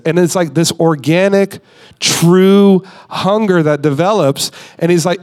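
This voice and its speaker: A man's voice: high-pitched, expressive, a little slow. A man in his thirties, a guest speaker giving a conversational, emphatic sermon with his own voice.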